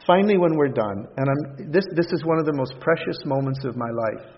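A man preaching a sermon in a church, telling stories with animated, self-mocking humor. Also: on the high side, a little fast, slight background noise. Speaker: pastor. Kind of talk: sermon storytelling. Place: church auditorium. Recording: long reverb, dull lo-fi sound.

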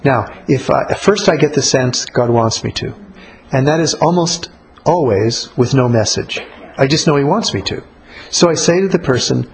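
A man teaching about prayer in a relaxed, conversational way, blunt and colloquial. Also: medium pitch, normal speed, rough recording. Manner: blunt, colloquial, acts out little spoken exchanges.

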